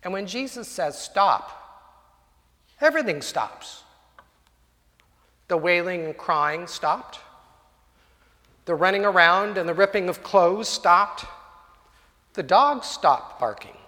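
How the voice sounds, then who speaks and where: A man's voice: high-pitched, animated, slow, pauses often, sharp tone. A male preacher telling a story in a sermon, vivid and dramatic, in a church hall. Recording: long hall reverb.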